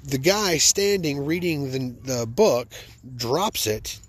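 Husky, animated man telling stories. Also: mid-range voice, slow pace. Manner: animated, joking, self-amused. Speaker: podcast host. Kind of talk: comic personal storytelling.

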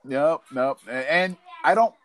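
A man in casual chat, telling stories in a profane, rambling, animated way. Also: on the high side, a little slow, no room sound.

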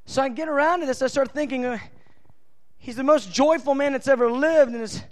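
A man preaching a sermon with a strikingly high voice for a man. He is impassioned and emphatic, and drops into casual, everyday asides between lines of scripture. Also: a little fast.

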